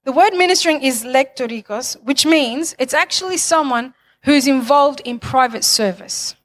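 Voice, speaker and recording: A woman's voice: sits high, moderate pace. A woman preaching a sermon, building to fervent declarations and calling on the congregation for amens. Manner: calls for amens.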